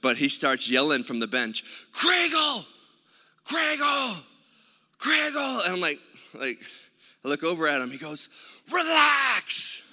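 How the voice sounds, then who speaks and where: A man's voice: mid-range voice, brisk, bright, forceful tone. A man preaching a sermon as pastor, telling a story in a conversational way with many filler sounds. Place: church sanctuary. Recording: reverberant church hall.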